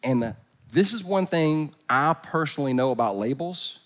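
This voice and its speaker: A middle-aged male pastor giving a humorous sermon at a church service, storytelling with comic impressions and swinging from soft to loud. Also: on the high side, lively intonation, normal speed.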